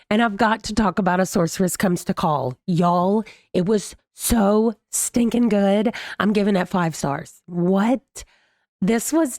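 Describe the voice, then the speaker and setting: Woman in her thirties, sick and strained, chatty book vlogger, middling pitch, dry close sound. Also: no room sound. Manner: chatty, gushing, Southern "y'all". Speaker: booktuber host. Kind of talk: casual reading vlog chat. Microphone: desk microphone.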